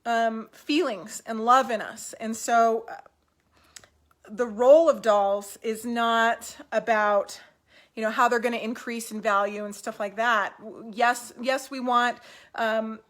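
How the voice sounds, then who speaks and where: A woman's voice: fairly high pitch, fairly even intonation, slow, fairly bright tone. A woman talking casually to camera at home about doll collecting, upbeat and encouraging, with fillers and restarts.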